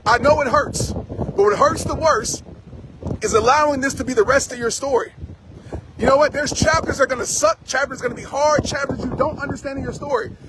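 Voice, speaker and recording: A man's voice: extremely high pitch, steady tone, fairly quick, noisy background. A man giving an intense, emphatic motivational talk to a live chat outdoors, repeating his key lines like a preacher. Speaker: motivational speaker. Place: outdoors after a trail run.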